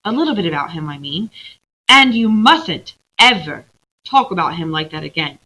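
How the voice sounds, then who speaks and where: A woman voicing the eldest boy, a calm and firm leader. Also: lowish voice, moderate pace, full character voice, rough recording.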